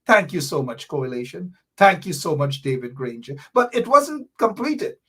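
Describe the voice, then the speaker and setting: A man's voice: on the high side, very animated, normal speed, fairly bright tone, breathy edge. A middle-aged man with a Guyanese accent, hosting a political commentary show in a fiery, sarcastic way, hammering his points with repeated jabs.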